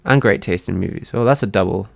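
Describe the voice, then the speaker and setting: A man's voice: lowish voice, quick pace, vocal fry. A man chatting casually on a livestream, answering his chat in a rambling, hesitant way with many fillers and restarts.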